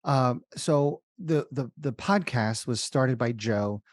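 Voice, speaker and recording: A man who invests in real estate, a guest on an interview podcast, telling stories in a lively way and acting out the dialogue. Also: medium pitch, slow, dry recording, studio quality. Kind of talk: casual interview talk.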